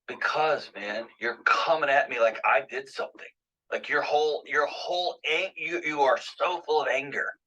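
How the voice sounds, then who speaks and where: A man's voice: mid-range voice, sharp tone, low-quality recording. A man hosting a call-in advice show, blunt and confrontational with a caller. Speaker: radio advice host.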